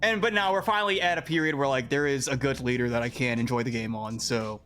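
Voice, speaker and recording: A young man, a podcast guest, telling a story in casual chat, animated and exasperated, often repeating himself. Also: medium pitch, fast talker, soft background music.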